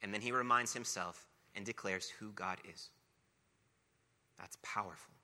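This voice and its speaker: A man's voice: on the low side, a little slow, pushed and bright. A man preaching a sermon, talking casually between passages of scripture that he reads aloud with emphasis. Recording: long reverb of a large hall.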